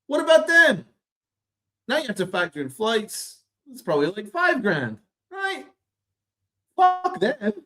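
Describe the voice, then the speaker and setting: A man's voice: high voice, big pitch swings, moderate pace, pushed and bright. A man hosting a sports podcast, ranting with sarcastic, exasperated, profane commentary. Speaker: podcast host.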